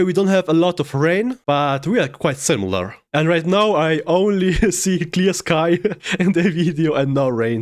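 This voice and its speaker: German-accented male reactor, somewhat high pitch, chatty and self-deprecating. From Germany and Ukraine. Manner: chatty, thinks aloud, laughs at himself. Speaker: reaction video host. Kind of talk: casual reaction commentary.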